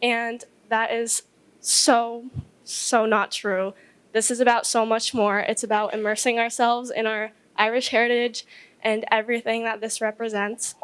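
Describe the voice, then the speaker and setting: A woman's voice: on the high side, level tone, measured pace, a bit bright, clean tone. A young woman giving an emotional farewell speech at a ball, nervous and tearful, stumbling over her words. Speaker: outgoing court member giving a farewell speech. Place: ballroom event.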